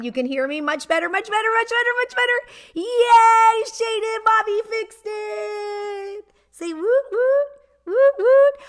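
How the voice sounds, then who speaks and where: Cooing at her baby, a woman in her thirties chats playfully while hosting a casual live stream from home. A computer mic in an echoey room picks her up from a distance, and her voice is on the high side and a bit bright.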